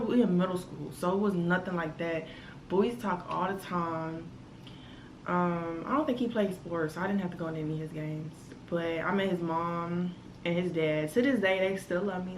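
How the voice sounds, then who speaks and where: A woman, telling a story to her camera in casual vlog chat, animated and full of asides, recorded on a phone. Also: fairly low pitch, reverberant, slight background noise, rough recording. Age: 20s. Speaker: vlogger.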